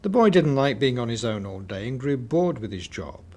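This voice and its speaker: A man narrating a children's story expressively, with dramatic pauses. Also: mid-range voice, big pitch swings, darkish tone.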